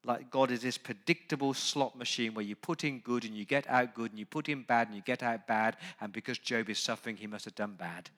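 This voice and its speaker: Man preaching with a bright, forceful voice. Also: mid-range voice, fairly quick, hardly any pauses. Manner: emphatic preaching, swinging from quiet asides to loud urgent peaks; conversational, asks the congregation direct questions. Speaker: pastor. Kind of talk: sermon.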